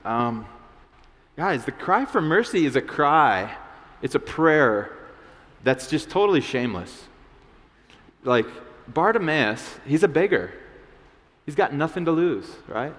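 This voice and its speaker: A male pastor giving a casual, conversational sermon, with many restarts and acted-out quotes. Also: mid-range voice. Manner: conversational, many restarts and fillers, acts out voices. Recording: long hall reverb.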